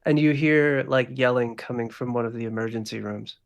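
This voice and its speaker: A man's voice: mid-range voice, a little fast, vocal fry. Casual man running a tabletop game. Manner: casual, loose narration full of fillers. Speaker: dungeon master.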